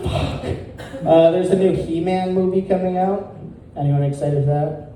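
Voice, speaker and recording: A male stand-up comedian doing a crude deadpan set, chuckling at his own jokes. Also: sits high, moderate pace, a crowd in the background. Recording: echoey room, picked up from a distance.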